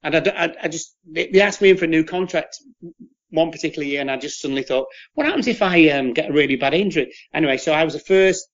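A man's voice: a little high, lively intonation, fast, lo-fi sound. Man in his sixties telling stories. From England. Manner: rambling, repeats words, acts out quoted voices. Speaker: interview guest, former footballer. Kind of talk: casual anecdotal storytelling.

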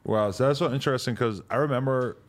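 A man's voice: medium pitch, quick pace. A man hosting a casual podcast interview, rambling and swearing, laughing often. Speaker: podcast host.

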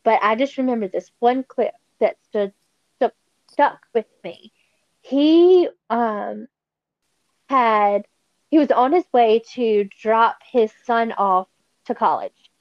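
A woman's voice: fairly high pitch, takes it slowly, no room sound, lo-fi sound. A woman guest on a podcast, telling stories animatedly and acting out the people she quotes, in a casual faith conversation. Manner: animated storytelling with quoted voices.

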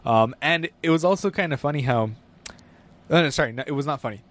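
A man's voice: fairly high pitch, quick pace, fairly bright tone. A young man in casual chat, ranting and mocking with profanity, acting out scenes in silly voices.

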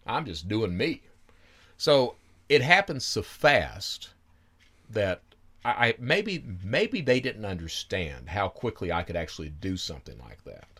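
A man hosting a podcast, telling his own story in an animated, profane, chuckling way. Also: lowish voice, unhurried, breathy edge. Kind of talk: casual storytelling.

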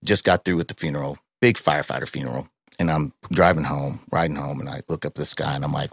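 A middle-aged man, a podcast guest, telling a painful personal story in a raw, halting way, swearing often and restarting his sentences. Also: rumbling low, fairly even intonation, creaky, husky, no echo.

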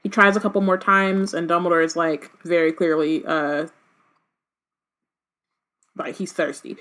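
A woman's voice: on the low side, little pitch movement, a little slow, fairly bright tone. Chatty woman podcast co-host. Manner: chatty, lots of "like" and "um". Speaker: podcast co-host reading a novel aloud. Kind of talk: casual chat and read-aloud.

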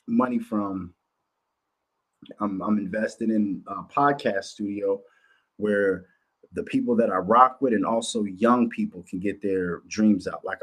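Husky-voiced blunt man on a livestream. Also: on the low side. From Minnesota, USA. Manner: blunt, profane, repetitive. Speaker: livestream host. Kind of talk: casual livestream monologue.

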